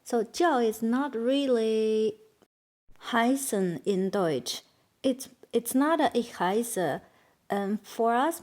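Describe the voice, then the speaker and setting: A woman's voice: fairly high pitch, slow, darkish tone. A woman teacher with a Chinese accent, a native Chinese speaker, explaining a beginner language lesson and repeating words carefully.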